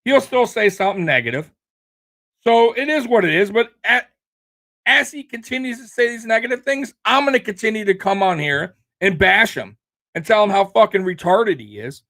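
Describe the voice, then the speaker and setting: A man's voice: sits high, expressive, moderate pace, sharp tone. A man hosting a fan sports show, ranting heatedly and with profanity, full of fillers and restarts.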